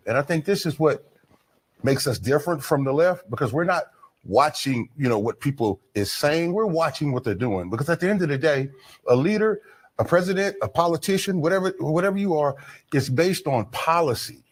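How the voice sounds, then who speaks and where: A man's voice: fairly high pitch, lively intonation, normal speed, breathy edge. A man answering as a panel guest, making his point emphatically and stressing key words.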